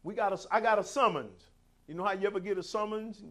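High-voiced preaching man. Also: fast, fairly bright tone. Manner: preaching with call-outs, acting out quoted voices. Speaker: pastor. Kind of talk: sermon.

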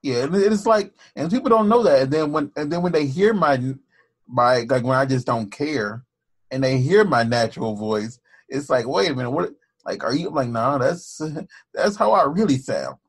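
A man co-hosting a casual podcast who talks earnestly with stammering restarts and keeps his voice above its natural deeper range. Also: animated, normal speed, husky, dry recording. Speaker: podcast co-host.

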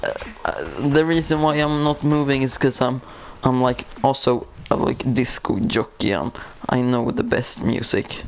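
Slow-talking Swedish man gaming. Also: mid-range voice, steady tone, gravelly, slight background noise, poor audio. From Sweden. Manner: joking, profane, full of halting restarts. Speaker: gaming video maker. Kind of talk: casual gameplay commentary. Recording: game music behind the voice.

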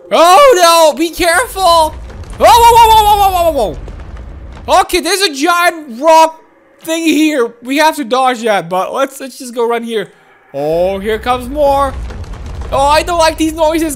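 A woman commentating her own gameplay, excitable and giggly, often talking to viewers. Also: high voice, slow pace. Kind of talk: playful game commentary.

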